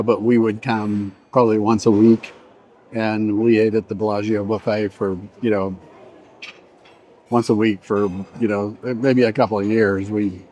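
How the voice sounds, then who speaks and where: A middle-aged man with a fairly low voice talks his way through a food-tasting vlog. He rambles and trails off mid-sentence between bites, recorded inside a restaurant. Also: mellow, slight background noise. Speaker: vlogger reviewing a buffet. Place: indoor buffet restaurant.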